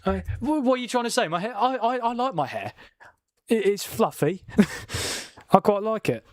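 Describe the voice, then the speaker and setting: Excitable man hosting a watchalong. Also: moderate pace, no echo, clean studio sound. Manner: chatty and excitable, jumping to loud high calls at big chances. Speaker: watchalong host. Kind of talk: live football watchalong commentary. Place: room at home, family downstairs.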